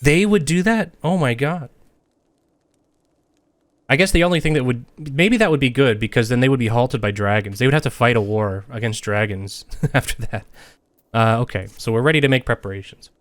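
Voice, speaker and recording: Talking a little fast in a mid-range voice with no room sound, a young man offers casual commentary while streaming a game. He rambles, cracks jokes about the plot, and mocks what the characters say by imitating them.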